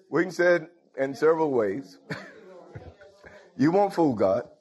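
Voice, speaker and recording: A man's voice: fairly high pitch, expressive, measured pace, long pauses, darkish tone, highs cut off. A man preaching a sermon in a conversational way, often putting questions to his congregation.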